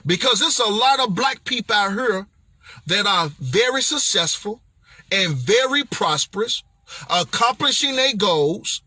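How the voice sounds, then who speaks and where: A man delivering an impassioned motivational message, blunt and confrontational in a preacher-like way, often raising his voice to a shout. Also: high-pitched, no room sound, studio quality. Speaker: motivational speaker.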